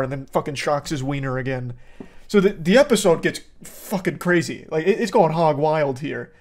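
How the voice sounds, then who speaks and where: A man's voice: on the high side, very animated, normal speed, a little mellow. A young man giving casual, rambling commentary on a TV show, crude and amused. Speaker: show reviewer.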